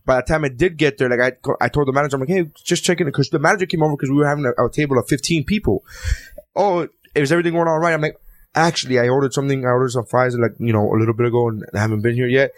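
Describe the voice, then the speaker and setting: Podcast co-host, young man, indignant storyteller, rapid delivery. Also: medium pitch, fairly even intonation, dry recording. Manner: worked-up, indignant storytelling with heavy swearing. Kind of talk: casual chat.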